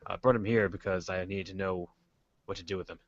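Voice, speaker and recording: A man's voice: low voice, fairly even intonation, a little fast, no echo, dull audio. A male player role-playing a guard lieutenant, hesitant and unsure, in a tabletop game. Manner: hesitant, uncertain.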